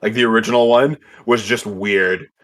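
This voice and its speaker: Blunt, low-voiced male podcast co-host. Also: steady tone, normal speed, fairly bright tone. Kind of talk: casual chat.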